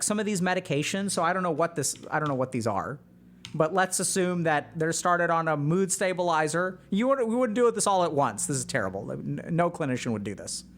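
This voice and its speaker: A psychiatrist giving reaction commentary on a TV episode, explaining things and speaking directly to viewers. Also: medium pitch.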